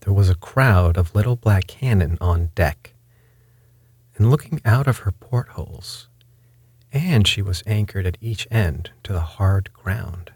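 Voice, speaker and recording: Brief: male storybook narrator, low and husky, close dry sound. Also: animated, a little mellow, dry recording. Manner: measured, unhurried reading. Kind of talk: storybook reading.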